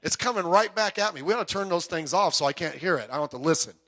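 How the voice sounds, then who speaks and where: A man's voice: on the high side, animated, quick pace, pushed and bright. A man preaching a sermon in a church, talking conversationally with frequent asides and personal stories. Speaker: pastor. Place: church sanctuary. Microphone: PA microphone heard through speakers.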